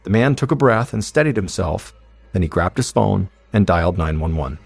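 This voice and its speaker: Gravelly low-voiced male true-crime narrator. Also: normal speed, faint music behind. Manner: steady, suspenseful storytelling. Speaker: podcast host and narrator.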